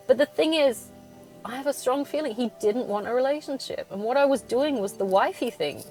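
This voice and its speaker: A woman's voice: a little high, fast, darkish tone, faint music behind. A young woman hosting a solo podcast from a car, venting bluntly, swearing often and laughing between thoughts. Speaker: podcast host.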